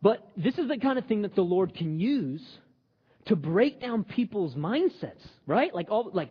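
A man preaching a sermon in a lively, joking, conversational way. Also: sits high, a little slow, husky. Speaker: pastor. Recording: dull audio with long hall reverb.

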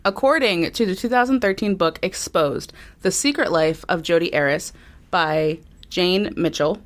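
A woman's voice: on the low side, normal speed. A woman co-hosting a podcast, telling a true crime story from her notes in a chatty way, with frequent ums. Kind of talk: casual chat, reading from notes.

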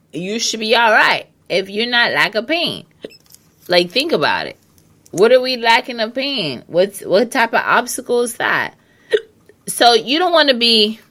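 A woman's voice: medium pitch, fairly bright tone. A woman hosting a casual advice monologue, blunt and emphatic, swearing and repeating herself, hiccuping. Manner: emphatic, repetitive, blunt with profanity.

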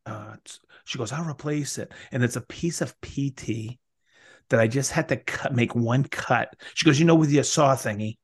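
A man's voice: normal speed, husky. A man co-hosting a podcast in casual chat, acting out the people in his stories with a raised voice. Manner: acts out quoted voices in a higher pitch. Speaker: podcast co-host.

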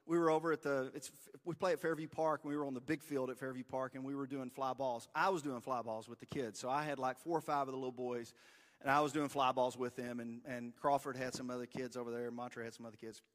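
A man's voice: mid-range voice, fairly even intonation, quick pace, big-room sound. A man, preaching a conversational sermon in casual, self-deprecating storytelling. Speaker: pastor. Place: church sanctuary.

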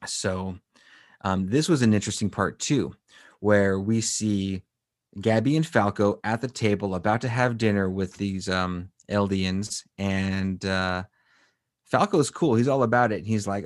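A man with a lowish voice chats casually as a podcast co-host, retelling an anime episode. He rambles and restarts with plenty of fillers. The sound is dry and close, with no room in it. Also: unhurried, no echo.

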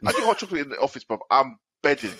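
A man's voice: mid-range voice, racing, breathy edge, dry recording. A man, co-hosting a podcast and telling a story in casual slang-filled chat. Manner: animated storytelling with London slang. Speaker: podcast co-host.

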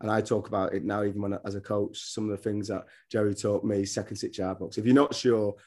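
A middle-aged man with a fairly low voice talks as a guest about his football career. He rambles from story to story, often restarting his sentences as he goes. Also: flat delivery, fast, a little mellow. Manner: rambling anecdotes with many restarts. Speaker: former footballer and coach, guest. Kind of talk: casual podcast interview.

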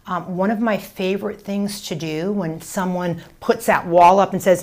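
A woman's voice: lowish voice, fairly even intonation, normal speed, hardly any pauses, darkish tone. A woman in her forties, a real estate agent and team coach, talking emphatically in a casual chat.

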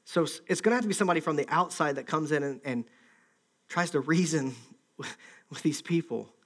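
A man's voice: a little high, a little fast, fairly bright tone. A man preaching a conversational sermon, acting out the voices of an angry crowd. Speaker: pastor.

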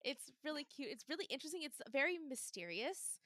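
A young adult woman hosting a casual fandom podcast, animated and laughing often as she acts out her reactions. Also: sits high, fairly quick, no room sound, clean studio sound. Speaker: podcast host. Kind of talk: casual chat.

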